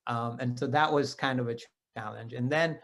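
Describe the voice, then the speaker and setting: Man in his fifties, mid-pitched, telling a devotional story conversationally, with asides and self-corrections. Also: steady tone, moderate pace, fairly bright tone. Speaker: devotee sharing personal experiences. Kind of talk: personal storytelling talk.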